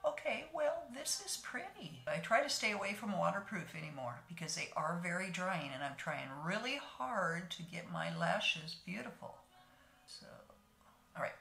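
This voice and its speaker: A woman's voice: fairly low pitch, expressive, normal speed, gravelly, bright, forceful tone. Chatty older woman in an echoey room. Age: 60s. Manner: homey, talks to viewers as ladies, narrates each step. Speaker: beauty vlogger. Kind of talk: chatty makeup tutorial.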